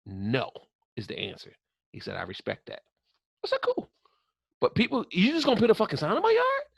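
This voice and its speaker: A man's voice: sits high, fairly quick, gravelly, husky, dry recording, studio quality. A man co-hosting a podcast in casual chat, telling stories with lots of swearing and acted-out quotes. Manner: animated storyteller, swears freely, acts out quotes. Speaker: podcast co-host.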